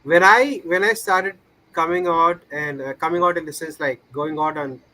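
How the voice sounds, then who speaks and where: A man whose first language is not English, chatting casually and pausing to search for words. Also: fairly high pitch, fairly even intonation, bright, forceful tone, poor audio. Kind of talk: casual chat.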